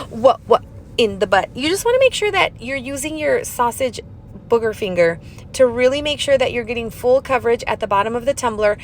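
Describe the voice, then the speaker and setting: A bubbly young woman talks quickly through a craft tutorial voiceover, her voice sitting a little high. She breaks into silly sing-song asides, and a faint low rumble hums behind her. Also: a bit bright.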